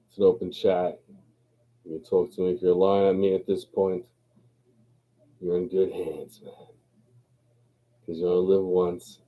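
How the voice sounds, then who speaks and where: Man, slow drawl, deep-ish, slangy and rambling, tinny phone-line sound, livestream host. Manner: laid-back slangy rambling, playful chanting. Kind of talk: casual live chat. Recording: phone-like lo-fi stream audio.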